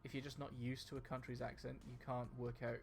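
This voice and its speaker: A man's voice: mid-range voice, flat delivery, fast, gravelly, faint music behind. A man from outside the United States, chatting casually as a podcast co-host and asking curious questions. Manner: curious, asks many questions. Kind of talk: casual chat while gaming.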